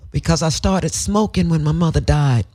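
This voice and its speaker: A woman's voice: low voice, mellow. A woman guest in a radio studio interview, telling stories candidly in a theatrical, profane way and breaking into sung phrases.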